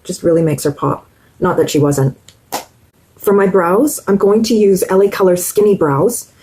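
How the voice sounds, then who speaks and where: A middle-aged woman with a husky, slightly low voice chats through a makeup tutorial. She is enthusiastic and talks straight to her viewers, with a mellow tone. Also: moderate pace, low-quality recording. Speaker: beauty vlogger. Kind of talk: casual makeup tutorial chat.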